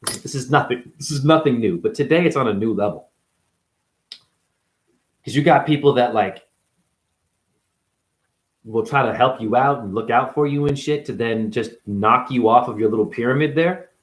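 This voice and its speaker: A man's voice: medium pitch, normal speed, long pauses, reverberant, low-quality recording. A man, a former ballet dancer, delivering an unscripted, blunt and profane monologue in his apartment.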